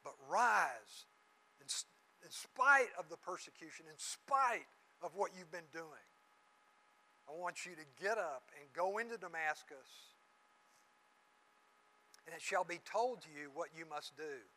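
A man's voice: on the high side, lively intonation, measured pace, pauses often, bright, forceful tone, voice pushed down, heavily acted, poor audio. A man voicing Jesus speaking solemnly in a retold Bible scene.

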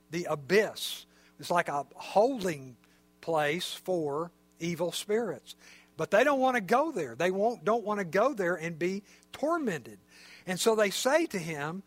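A man's voice: high voice, no echo. A man preaching a sermon in a conversational, explanatory way, with frequent fillers. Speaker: pastor.

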